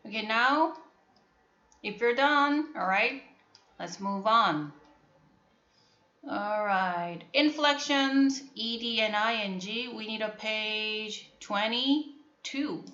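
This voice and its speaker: A woman with a Korean accent, a native Korean speaker, teaching an English phonics lesson to a class, repeating words slowly and checking that students understand. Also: fairly high pitch, bright, forceful tone. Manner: repetitive, drills words and asks if students understand. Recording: echoey classroom, dull lo-fi sound.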